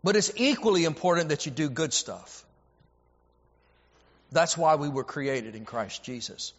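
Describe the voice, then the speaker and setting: With a slightly high, expressive voice, a little slow and marked by long pauses, a male preacher and Bible teacher gives an emphatic, repetitive sermon. He often stammers and restarts phrases, and the dull recording carries long hall reverb.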